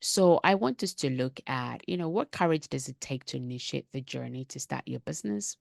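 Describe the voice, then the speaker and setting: A woman with a low, gravelly voice hosts a podcast in a dry, close-sounding room. She talks in an emphatic, rallying way, stacking repeated phrases as she urges her listeners on. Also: animated, fairly quick, no room sound. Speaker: podcast host. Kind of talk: motivational podcast monologue.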